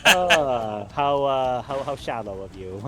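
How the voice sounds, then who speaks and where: A man's voice: mid-range voice, slow, sharp tone. A man co-playing a video game, rambling casually and laughing at his own jokes. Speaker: co-player. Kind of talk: casual gaming chat.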